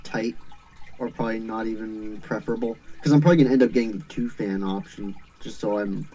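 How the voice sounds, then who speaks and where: A man's voice: on the low side, steady tone, a little fast, mellow, rough recording. A man chatting casually on a stream, rambling and laughing often. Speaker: stream co-host. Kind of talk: casual chat.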